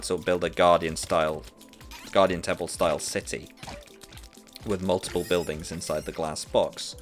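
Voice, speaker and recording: A man's voice: low voice, fairly bright tone. A Norwegian man who learned British English chats casually while gaming on stream, hesitant, with many fillers and restarts. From Norway. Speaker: streamer, teacher.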